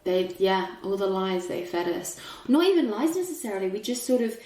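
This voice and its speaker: A woman hosting a casual podcast chat, her voice at an ordinary middle pitch. She retells scenes in an animated, emotional way, with sudden leaps up in pitch. The recording has a roomy echo around her. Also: fairly quick. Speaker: podcast host.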